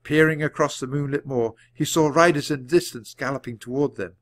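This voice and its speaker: A man reading a children's storybook aloud at a natural, measured pace for learners. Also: a little high. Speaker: audiobook reader. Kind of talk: storybook narration read aloud.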